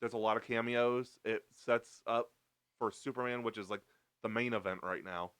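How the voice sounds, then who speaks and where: A man's voice: mid-range voice, steady tone, normal speed, a bit bright, clean tone, no room sound. A man co-hosting a podcast, chatting casually in an easygoing way, full of "like" and "uh". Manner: easygoing, heavy use of "like" and "uh". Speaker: podcast co-host. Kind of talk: casual chat reviewing a show.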